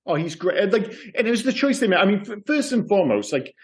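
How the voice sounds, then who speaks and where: A man co-hosting a podcast, chatting casually and enthusiastically about a film, rambling through quick asides. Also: sits high, very animated. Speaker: podcast co-host.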